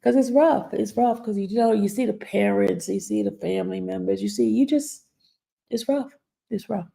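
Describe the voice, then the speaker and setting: A woman's voice: medium pitch, normal speed, creaky, warm tone. A woman hosting a live stream, chatting casually and reading viewer comments, emotional and laughing through tears. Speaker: YouTube host.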